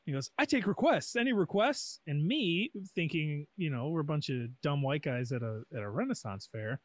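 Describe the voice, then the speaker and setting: A man, co-hosting a podcast and telling a lively, jokey story in casual chat, acting out quotes. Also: on the high side, moderate pace, no room sound. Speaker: podcast co-host.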